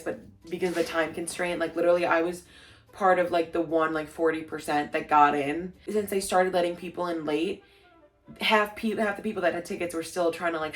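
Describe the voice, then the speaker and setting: A young woman telling a story in a casual vlog, gushing and full of "like", acting out what people said. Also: deep voice. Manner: gushing, lots of "like", acts out quotes. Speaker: vlogger.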